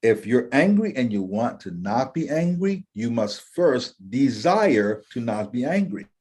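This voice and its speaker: A man telling his story in an interview, talking in an animated motivational way and acting out the voices of people he quotes. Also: mid-range voice, a little slow, husky. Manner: acts out quoted voices, lively and emphatic. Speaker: interview guest, empowerment coach.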